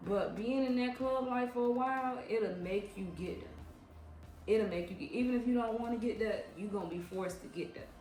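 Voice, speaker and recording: A woman's voice: on the high side, a little mellow, faint music behind. A woman in her thirties telling casual story-time tales in a frank, emphatic way, with slangy repeats for emphasis. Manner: slangy, drawn-out repetitions. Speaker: vlogger recounting her years as a club dancer. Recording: echoey room with faint ambience.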